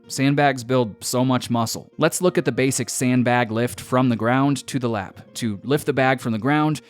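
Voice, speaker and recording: A man, a strength coach, giving a confident, emphatic scripted voice-over with direct advice. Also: medium pitch.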